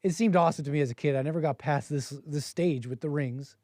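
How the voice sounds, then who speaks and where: A man in his thirties hosts a call-in livestream in a loose, rambling way, chuckling as he reads viewer messages aloud. His voice has a mellow, darker tone. The recording is dry and close, with no room sound. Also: on the high side, fast, no echo. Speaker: host of a call-in stream. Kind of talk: casual livestream commentary.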